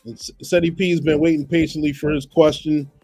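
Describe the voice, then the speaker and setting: A male podcast host who casually reads out viewer questions and gives viewers shout-outs. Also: fairly high pitch, little pitch movement, brisk, soft background music. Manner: laid-back, chuckling, shouts out viewers. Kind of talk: casual interview hosting, reading viewer questions.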